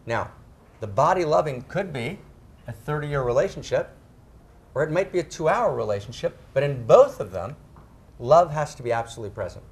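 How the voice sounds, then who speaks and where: Animated, emphatic middle-aged man. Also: fairly high pitch. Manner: emphatic, tags phrases with "right?", slows down to stress words. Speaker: speaker on spirituality and sexuality. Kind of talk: animated talk to a live audience.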